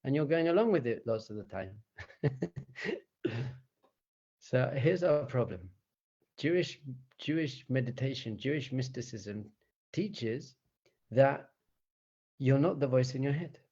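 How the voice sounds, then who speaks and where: A man teaching meditation as a rabbi, in an animated, conversational way. He chuckles often and poses rhetorical questions to his listeners in a mid-pitched voice. The recording is slightly dull and lo-fi. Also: takes it slowly, pauses often, husky.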